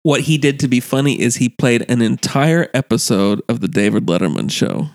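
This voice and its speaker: A man's voice: medium pitch, expressive, normal speed, a little mellow. A man telling a long profane story in casual chat, acting out the people he quotes. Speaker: podcast guest telling a story.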